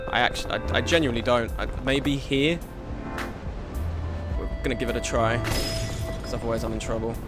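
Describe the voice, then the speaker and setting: A young man streaming a game live, frustrated and swearing, swinging between low muttering and loud outbursts. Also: fairly even intonation, moderate pace, long pauses, loud music behind the voice.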